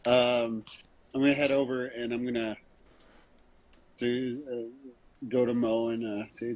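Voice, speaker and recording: A man's voice: mid-range voice, unhurried, pauses often, darkish tone, rough recording. A man playing a tabletop horror game, casually describing what his character does. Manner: casual, hesitant, narrates own actions. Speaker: player.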